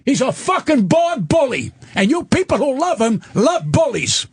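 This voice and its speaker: Loud ranting older man, husky high voice. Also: big pitch swings, normal speed, no echo, studio quality. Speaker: comedian guest. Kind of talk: ranting radio talk.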